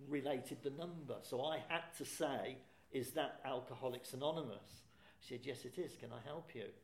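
A man's voice: medium pitch, gravelly, reverberant. An older man from England frankly telling his own story, self-deprecating and plain-spoken. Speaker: speaker sharing recovery story. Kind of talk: personal testimony talk.

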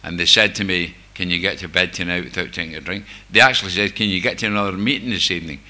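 This older Scotsman, from near Glasgow and with a Glasgow-area accent, talks fast in a deep, pushed, bright voice. He's candidly recounting his recovery to a group with wry humor that mocks himself.

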